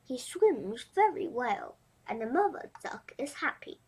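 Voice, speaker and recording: A woman's voice: sits high, sing-song, measured pace, slightly rough. A woman with a Vietnamese accent reading a children's storybook aloud, carefully, with small slips and restarts. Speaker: reader.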